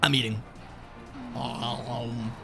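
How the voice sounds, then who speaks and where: A man's voice: medium pitch, flat delivery, very slow, vocal fry. A man streaming a video game, talking in a rambling, sarcastic and profane way. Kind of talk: casual gameplay commentary. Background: game music.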